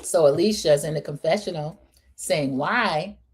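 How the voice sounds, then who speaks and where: A woman's voice: low voice, moderate pace, husky. A woman hosting a casual, opinionated reality TV recap, talking in a chatty way and acting out what the cast said. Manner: chatty, opinionated, animated quoting of cast members. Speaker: host.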